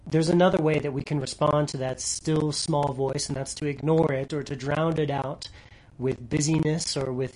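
A pastor delivers an earnest sermon in a medium-pitched voice on a rough recording. He drops to soft near-whispers for tender lines and grows loud when reading scripture.

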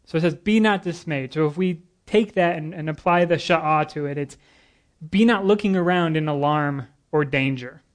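A man preaches a sermon, reading scripture and explaining it in earnest. His voice sits a little high for a man. He sounds a bit nervous but lively, and he breaks in with casual jokes between readings. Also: normal speed. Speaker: guest preacher.

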